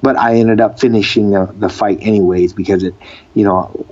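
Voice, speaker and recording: A man, a fighter and actor, telling stories in a casual interview, animated and full of restarts. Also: on the low side, normal speed, muffled recording. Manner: animated, re-enacts dialogue, frequent restarts.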